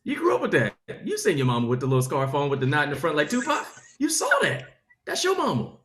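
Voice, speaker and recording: A man with a Southern drawl talks at a rapid clip, his voice sitting a little high. He riffs like a preacher with comic asides. The call has a roomy, echoing sound. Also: huge pitch swings, a bit bright, a little hiss or hum. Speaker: comedian guest. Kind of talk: animated interview talk. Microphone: video call.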